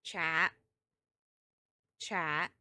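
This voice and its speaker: In a deep, steady voice with drawn-out words and a sharp tone, a Southern US woman streams a game and chats casually with viewers. She thinks aloud as she plays, and there's no echo.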